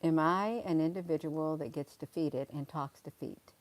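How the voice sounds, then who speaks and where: A woman's voice: sits low, normal speed, no echo. A woman, hosting a casual livestream and talking emphatically and repetitively to viewers, calling them honey. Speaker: livestream host.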